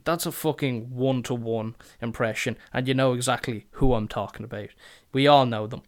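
Swearing freely and wandering off on tangents, a young man spins funny work stories on his podcast, with deadpan asides along the way. He speaks at medium pitch and a moderate pace.

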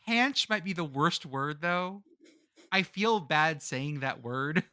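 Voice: mid-range voice, animated, slow, pushed and bright, no echo, studio quality. A podcast host in casual banter, rambling and joking, swearing freely.

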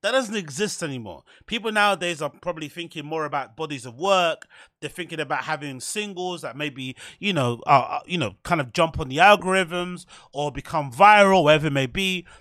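A man hosting a solo podcast, rambling in a frantic rush with barely a pause for breath. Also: fairly high pitch, a bit bright, no room sound, studio quality. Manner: rambling, frantic, talks without pausing for breath. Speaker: podcast host.

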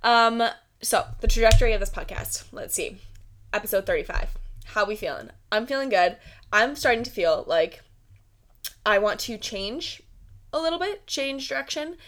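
A woman's voice: fairly high pitch, expressive, moderate pace, a bit bright. Young woman, podcast host, chatty, giggly, filler-heavy casual talk. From United States. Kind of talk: casual solo podcast chat.

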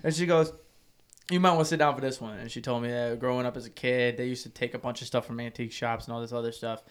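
Male host, mid-pitch, profane and excitable, casual chat. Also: very fast, clear, resonant tone.

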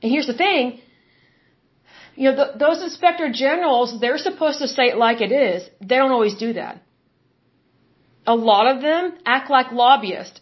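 A woman's voice: sits high, normal speed, pauses often. A woman hosting a podcast, giving opinionated solo commentary in an emphatic, conversational way that circles back to her points, with a touch of hiccups. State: has hiccups. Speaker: podcast host. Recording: slightly dull lo-fi recording.

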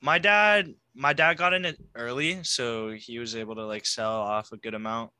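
A man's voice: mid-range voice, steady tone, normal speed, sharp tone, clean tone. A young man co-hosting a podcast in slangy, emphatic casual chat, often saying "bro". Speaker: podcast co-host.

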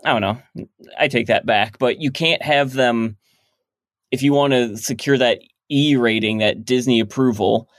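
A man with a middle-pitched voice speaks as a podcast guest. He explains his ideas thoughtfully and at length. The recording is dry and close. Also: a little slow, no echo. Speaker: guest comic creator. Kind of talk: casual interview chat.

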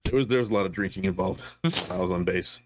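A man's voice: low voice, fast talker, background noise. Middle-aged man telling profane war stories. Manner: profane, laughs through his own stories. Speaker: veteran podcast co-host. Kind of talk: casual storytelling chat.

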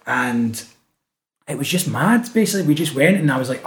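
Animated Scottish man in a roomy space. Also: medium pitch, a little fast. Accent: Scottish, Glasgow area. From Scotland. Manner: animated storytelling, swears often, acts out quotes. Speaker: guest, street artist. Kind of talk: casual podcast chat.

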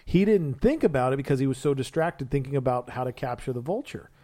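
A man's voice: mid-range voice, animated, fast, warm tone. A man co-hosting a podcast, retelling a comic book story in casual chat and acting out quotes in funny voices. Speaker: podcast co-host.

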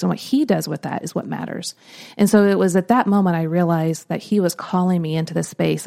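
Earnest woman with a gravelly fry. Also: on the low side. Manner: earnest, reflective, often trailing off softly. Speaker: podcast host. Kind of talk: personal storytelling on a podcast.

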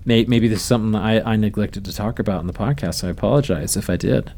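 A man running a tabletop role-playing podcast as game master, narrating in a relaxed, rambling way with many fillers. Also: lowish voice, fast.

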